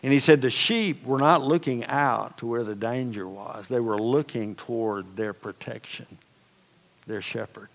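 In a large hall with long reverb, a pastor preaches a sermon. His voice is medium-pitched and a little slow as he tells stories in a folksy, conversational way, dropping in casual asides.

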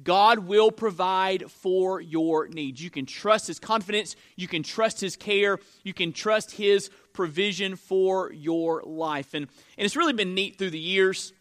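A man's voice: sits high, a little slow, few pauses, a bit bright. A man, a pastor, preaching an earnest sermon, often repeating phrases and restarting his sentences.

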